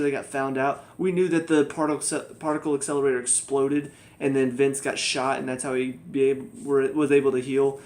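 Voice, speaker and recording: A man's voice: mid-range voice, a little mellow. Exasperated man ranting a TV review. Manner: exasperated, ranting, mocks characters in quoted voices. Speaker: TV show reviewer. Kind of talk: casual opinion review.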